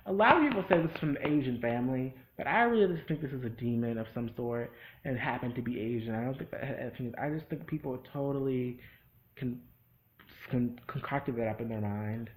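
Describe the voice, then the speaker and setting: A man giving a casual, rambling spoken recap of a TV episode, with many restarts and quick acted-out quotes. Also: medium pitch, poor audio.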